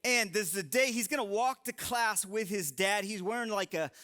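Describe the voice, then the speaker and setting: High bright-voiced male preacher. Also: normal speed. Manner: animated, joking storytelling. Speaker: young adult ministry speaker. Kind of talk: live sermon to a young adult audience. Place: large room with live audience.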